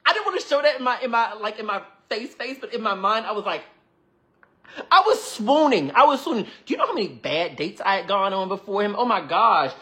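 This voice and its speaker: A man hosting a livestream, telling a personal story to viewers in a chatty, animated way, often acting out quoted dialogue and thanking people between lines. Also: sits high, fast talker, hardly any pauses. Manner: chatty and animated, full of "like" and "you know". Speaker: livestream host. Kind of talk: casual storytelling to a live audience.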